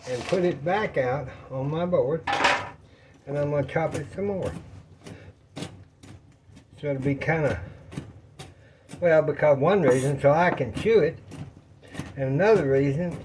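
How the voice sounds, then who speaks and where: A man's voice: fairly high pitch, background noise. Folksy man cooking at home. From Texas. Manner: folksy, rambling, talks to viewers as y'all. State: out of breath. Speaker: cooking vlogger. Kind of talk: casual home cooking chat. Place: home kitchen.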